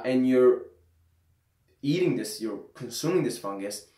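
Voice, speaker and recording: A man's voice: lowish voice, a little mellow. A man talking casually and emphatically to his viewers, repeating phrases and swearing freely. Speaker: vlogger. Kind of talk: casual monologue to camera. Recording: roomy echo.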